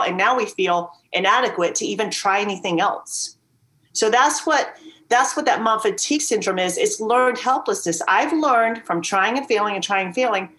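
Earnest woman guest, vivid storyteller, heard over a video call. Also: mid-range voice. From Virginia. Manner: earnest and emphatic, lively storyteller. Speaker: podcast guest. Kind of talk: candid storytelling interview.

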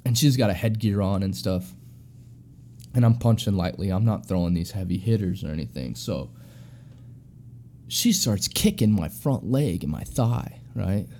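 A man's voice: low voice, animated, normal speed, dark tone, slight background noise. A young man telling a story in a loose, profane, slang-heavy way, calling his listeners bro and dude. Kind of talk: casual storytelling.

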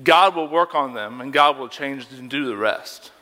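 A man's voice: medium pitch, moderate pace, bright, forceful tone, big-room sound. A young man preaching a sermon as a youth pastor, conversational and emphatic, asking rhetorical questions.

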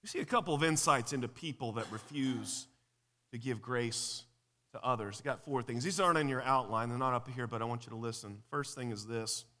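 Give me a man with a bright, forceful voice preaching casually to a congregation in a big hall. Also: mid-range voice. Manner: casual, lively, full of rhetorical questions to the congregation. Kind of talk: live sermon. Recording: long reverb in a large hall.

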